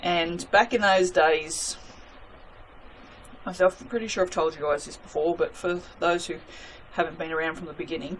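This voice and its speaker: A woman's voice: on the low side, fairly even intonation, normal speed, a little hiss or hum. A woman chatting casually to her viewers while making soap, self-mocking and talking to herself as she works. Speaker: soap maker.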